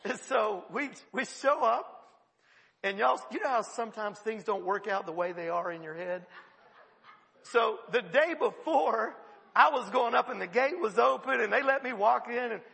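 A man preaches with a high, gravelly, bright voice. He tells a funny story in an animated way and often breaks into laughter mid-sentence. The long reverb of a large hall trails behind his words. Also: moderate pace. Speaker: pastor. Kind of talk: sermon with humorous storytelling.

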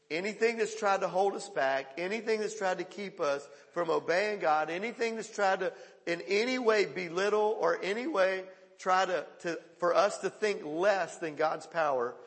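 Male pastor preaching hard, loud then hushed, kinda high voice, big echoey church. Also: moderate pace. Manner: emphatic preaching, swings between loud calls and hushed quotes. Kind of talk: sermon.

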